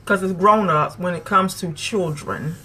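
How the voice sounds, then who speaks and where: A woman's voice: fairly low pitch, a little slow, sharp tone, a little hiss or hum. A woman, hosting her own channel and lecturing her viewers, emphatic and repeating phrases to drive her point home. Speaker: vlog host. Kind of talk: preachy advice talk to camera.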